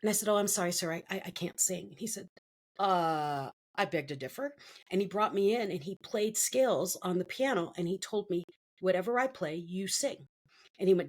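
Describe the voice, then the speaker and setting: Animated woman telling her story. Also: lowish voice, fairly quick. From Philippines. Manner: animated storyteller acting out quoted voices. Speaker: guest. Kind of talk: storytelling in an interview.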